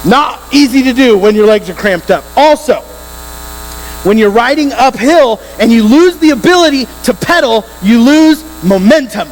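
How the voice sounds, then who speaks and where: A man preaching to a youth group, telling a story in an animated, emphatic way and speaking straight to the teens. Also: extremely high pitch, moderate pace. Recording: hall reverb with faint electrical hum.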